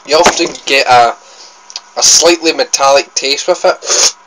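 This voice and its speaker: Against a noisy background, a young food vlogger from Scotland talks unhurriedly in a mid-range voice with a Scottish accent. He tastes sweets while chatting casually, rambling along and breaking into his own sentences.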